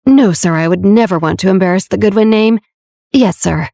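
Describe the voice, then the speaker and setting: A woman's voice: medium pitch, moderate pace, creaky, dark tone, no room sound, natural voice. A woman voicing a vile, vindictive male manor doorman who sneers at visitors, read in a dry, close audiobook voice. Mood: nervous. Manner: sneering, leering, then cowed.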